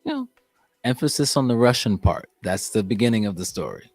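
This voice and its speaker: A young man as a podcast guest, chatting casually and telling animated, profane stories. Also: mid-range voice, fairly quick, no echo, faint music behind. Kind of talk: casual chat.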